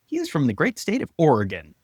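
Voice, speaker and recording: A man co-hosting a sports podcast, telling stories with wry humor and quick mock voices. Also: on the high side, huge pitch swings, husky, no echo, clean studio sound. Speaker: podcast co-host. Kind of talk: casual sports chat.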